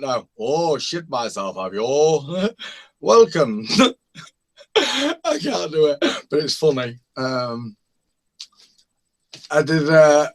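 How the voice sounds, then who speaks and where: Very animated but slow-paced, a man with a mid-range voice pauses often as he chats casually in an online hangout. Taking part in the open mic, he rambles and laughs while naming parody songs he has made.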